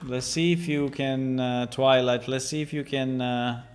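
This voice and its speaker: A game developer thinking out loud on a casual stream, amused and chatty. He talks slowly, with faint music and keyboard typing behind him. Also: medium pitch, steady tone.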